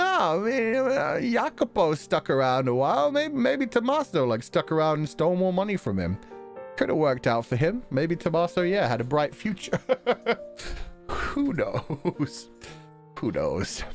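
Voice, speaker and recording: Male streamer, casual post-stream chat, animated pitch, frequent laughter, thinking aloud, faint music underneath. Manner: laughs often, thinks out loud, swears casually. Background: faint background music.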